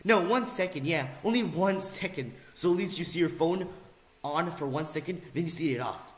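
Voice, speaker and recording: A young man ranting angrily on video, mocking and insulting, swinging between low mutters and loud yells. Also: normal speed. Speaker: video ranter. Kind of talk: angry rant video. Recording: echoey room.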